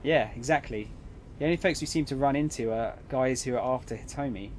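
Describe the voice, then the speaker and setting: A brash, short-tempered young man, as a man reads him aloud in a game. He snaps back gruffly. The voice stays close to an everyday middle register. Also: medium pitch, a little fast, a little hiss or hum, lightly acted. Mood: irritated.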